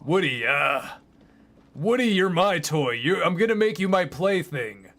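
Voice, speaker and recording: A man's voice: on the high side, lively intonation, unhurried, fairly bright tone. A man voicing a smug spaceman toy in a leering, mock-menacing tone.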